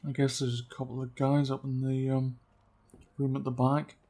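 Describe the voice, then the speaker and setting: A man giving casual gameplay commentary, chatty and often dropping to quiet muttering as he sneaks around. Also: medium pitch, completely flat delivery, moderate pace, breathy edge. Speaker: let's play gamer.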